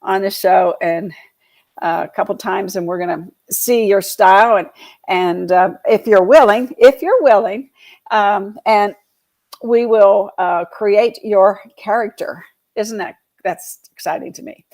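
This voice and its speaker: A woman's voice: medium pitch, fairly even intonation, a little slow, darkish tone. A woman from Georgia hosting a casual live show on real estate, chatty and rambling, with many fillers and laughs. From Georgia, US South. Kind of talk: casual live-stream talk.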